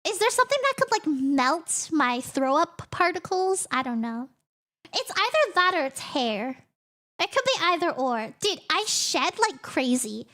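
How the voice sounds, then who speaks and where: A woman's voice: very high-pitched, sing-song, a little slow, a bit bright. A young woman live-streaming in casual chat, giggling often and breaking off mid-sentence.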